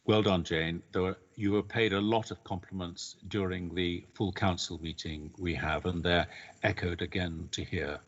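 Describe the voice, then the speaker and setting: A very deep-voiced man chairs a council committee over a video call. He is courteous and measured as he calls on speakers. The audio is dull and lo-fi. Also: fairly even intonation. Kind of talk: online council meeting.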